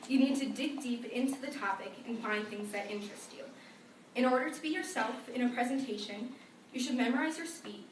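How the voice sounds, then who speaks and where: A teenage woman gives her senior class presentation in a plain, conversational tone with a fairly high voice. She is picked up from across an echoey school room. Steady background noise runs beneath her. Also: brisk, recorded from a distance. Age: teens. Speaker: student presenter.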